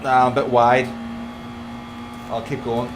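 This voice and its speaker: A man livestreaming a racing game, giving excitable, self-critical commentary while greeting viewers. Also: mid-range voice, unhurried. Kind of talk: live gameplay commentary. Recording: noisy stream audio with car engines. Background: racing game engine sounds.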